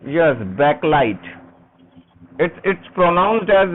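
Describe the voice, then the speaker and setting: A man teaching a class and checking exercise answers aloud, speaking Indian English with slow, repetitive confirmations and fillers. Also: fairly high pitch. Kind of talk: online class lesson. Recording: tinny phone-line audio with faint hiss.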